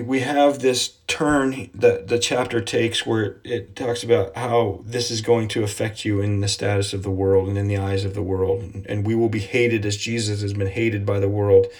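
A man teaching a devotional Bible lesson, earnest and repetitive, slowing down to quote scripture. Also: on the low side, a little mellow.

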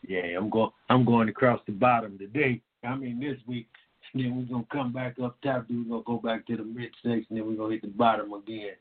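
A man's voice: mid-range voice, steady tone, a little fast, slightly rough. A man from Indiana hosting a talk-radio show in a casual, rambling way, full of fillers. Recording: tinny phone-line sound.

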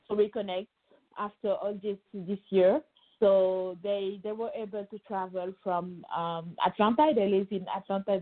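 A woman with a French accent speaks as an interview guest, in English that is not her first language. She pauses often, fills gaps with "uh" and "um" and restarts her phrases. The sound is narrow and phone-like. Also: mid-range voice. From France. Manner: halting, many fillers and restarts. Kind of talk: remote interview.

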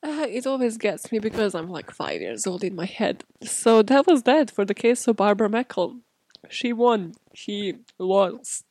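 A woman's voice: mid-range voice, a little mellow, no echo. A woman hosting a casual true-crime podcast, chatty and profane, often laughing and talking to herself. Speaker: podcast host.

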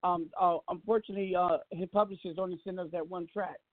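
A man hosting a live radio show in casual chat, halting with many fillers and restarts. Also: high voice, fairly even intonation, no room sound. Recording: phone-like narrow sound.

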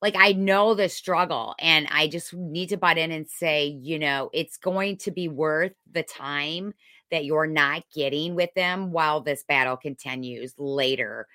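A woman's voice: sits low, unhurried, sharp tone, no room sound, studio quality. A woman hosting a talk show, speaking earnestly and supportively. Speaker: host. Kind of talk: casual talk-show chat.

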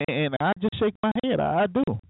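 A man's voice: high-pitched, expressive, fast, vocal fry, heavy background noise. A man hosting a talk show, delivering an opinionated monologue with sarcastic, preachy remarks and chuckling asides. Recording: tinny phone-like, dry.

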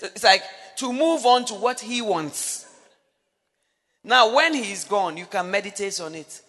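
Woman preacher, middle-aged, sharp bright tone, acts out stories, big reverby hall. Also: mid-range voice, unhurried. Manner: animated storytelling, acts out dialogue, breaks into laughs. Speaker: preacher speaking on marriage. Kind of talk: sermon.

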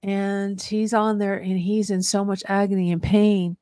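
A woman hosts a radio talk show and tells a long personal story. She rambles earnestly and often restarts her sentences. Her voice sits at a middling pitch and sounds dry and close to the mic. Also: flat delivery, a little slow, warm tone, dry recording. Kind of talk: casual radio interview, personal testimony.

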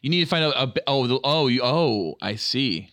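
A man's voice: medium pitch, lively intonation, moderate pace, fairly bright tone, no echo, clean studio sound. A man co-hosting a casual podcast, joking around and stumbling over restarts as he leads the segment. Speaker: podcast co-host. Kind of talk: casual chat.

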